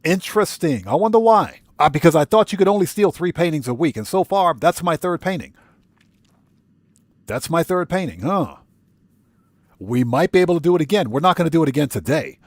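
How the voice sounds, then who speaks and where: A man's voice: a little high, lively intonation, brisk, no room sound. A man hosting a solo game livestream, casually reading and answering chat with frequent chuckles, speaking. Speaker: livestream gamer host.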